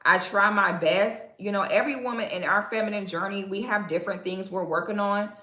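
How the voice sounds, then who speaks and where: A sassy, profane woman from Central Florida with a Southern drawl, ranting bluntly on her live stream. Her voice is bright and forceful. The room around her is echoey. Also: medium pitch, fairly quick. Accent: Southern American, Florida. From Central Florida, USA. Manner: sassy, profane, sharp comebacks. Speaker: femininity influencer hosting a live stream.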